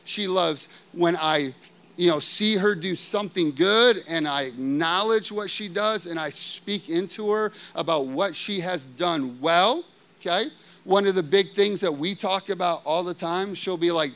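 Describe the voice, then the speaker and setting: Man preaching, high voice, bright tone, chatty, questions the crowd, in his thirties. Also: normal speed. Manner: animated and conversational, keeps asking the congregation "okay?". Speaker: pastor. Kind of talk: sermon.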